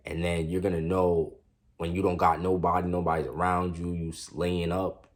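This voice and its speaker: A man's voice: low voice, flat delivery, moderate pace. A young man casually telling a storytime about his past, slangy and self-mocking, with frequent restarts. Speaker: storyteller vlogger.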